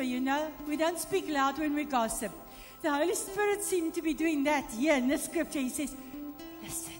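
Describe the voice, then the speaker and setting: Woman preacher, very high voice, interactive sermon, long church reverb with faint music under. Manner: reads scripture aloud and coaxes audience responses.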